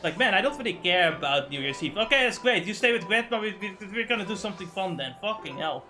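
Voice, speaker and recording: A young man venting in a casual, profane rant on his game stream, swinging from loud outbursts to low muttering. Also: animated, quick pace, soft background music.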